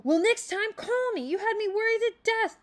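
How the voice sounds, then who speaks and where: A woman voicing a caring, worried mother red fox who scolds loudly but stays kind. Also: sits high, big pitch swings, fairly quick, voice pushed up. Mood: scolding. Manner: loud, scolding yet kindly.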